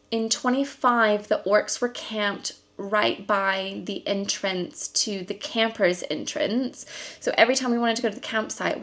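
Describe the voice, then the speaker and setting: A woman chatting to camera in an easy, rambling vlog style, her voice sitting at an ordinary middle pitch. She fills her sentences with ums and likes and lifts into laughter as she recounts a family outing. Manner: lively storytelling with laughs. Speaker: vlogger and costume maker. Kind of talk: casual chat to camera.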